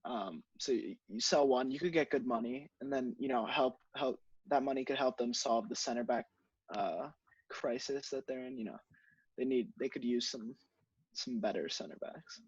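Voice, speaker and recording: A man's voice: mid-range voice, moderate pace, husky, no room sound. A teenage young man from Italy chatting hesitantly on a casual sports podcast over a video call. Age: teens. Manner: hesitant, many fillers. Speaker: podcast co-host. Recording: dull, dry video-call audio.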